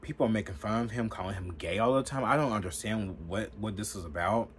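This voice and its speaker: A man's voice: fairly low pitch, quick pace, a little hiss or hum. Heated, profane man ranting. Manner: profane, heated, lots of fillers. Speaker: political commentary vlogger. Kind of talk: ranting political commentary.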